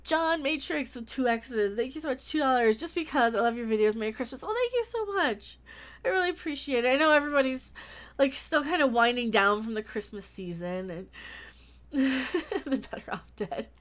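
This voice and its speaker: Chatting freely on her YouTube channel's livestream, a woman warmly thanks viewers by name and restarts herself a lot. Her voice is high and she talks fairly quickly.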